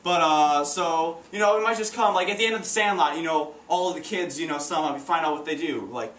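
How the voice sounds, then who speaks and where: A man's voice: on the high side, fairly quick, a bit bright. A teenage boy doing amateur stand-up comedy, stumbling and restarting his sentences. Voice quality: stumbling, awkward, many restarts. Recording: roomy, distant, faint noise.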